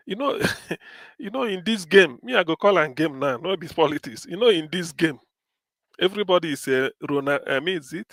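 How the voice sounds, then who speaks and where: Nigerian male commentator, high-pitched, animated, English-Pidgin mix, dry close sound. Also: dry recording. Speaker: political commentator. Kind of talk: live-stream political commentary.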